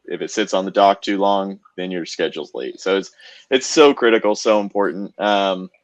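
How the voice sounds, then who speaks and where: A man's voice: sits low, normal speed, no echo. A man hosting a podcast, asking interview questions in a casual way with lots of "um" and "kind of". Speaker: podcast host. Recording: dull, dry sound.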